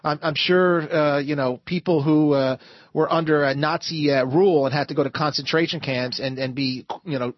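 Guy hosting call-in radio, kinda high voice, stumbles over his words a lot, dry muffled sound. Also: fairly even intonation, moderate pace, no echo. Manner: stammering, repeats words while building arguments. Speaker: radio talk show host. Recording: muffled broadcast audio.

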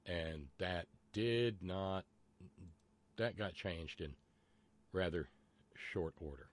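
A man's voice: deep voice, takes it slowly. A man hosting a call-in radio talk show, chatty and rambling with many fillers and restarts, and wry asides.

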